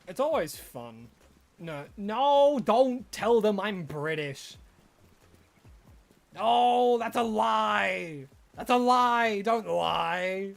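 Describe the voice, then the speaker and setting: A game streamer rambling jokily during a live stream and bursting into excited shouts at lucky finds. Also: mid-range voice, extremely slow, gravelly.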